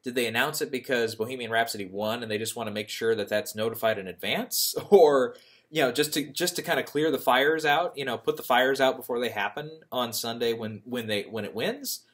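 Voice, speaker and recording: A young man thinks aloud about awards predictions, rambling casually and often correcting himself with fillers. He talks fairly quickly in a mid-range voice.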